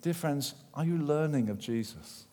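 Animated preacher in a reverberant hall. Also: male voice, fairly high pitch, moderate pace. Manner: animated, acts out quoted voices, shifts from loud to hushed. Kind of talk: sermon.

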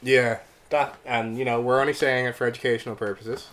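Irish man, mid-pitched, jokey podcast co-host, laughs a lot. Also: flat delivery, a little fast, fairly bright tone, a little hiss or hum. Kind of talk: casual chat.

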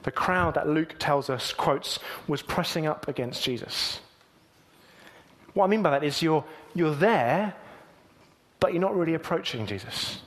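A man preaching a sermon earnestly, moving between emphatic lines and hushed, near-whispered ones. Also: a little high, expressive, unhurried.

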